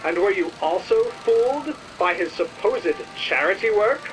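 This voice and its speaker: A man's voice: high-pitched, animated, a little slow, far from the mic, music in the background, rough recording. An actor playing a slick male radio announcer who asks insinuating rhetorical questions in an old-time broadcast.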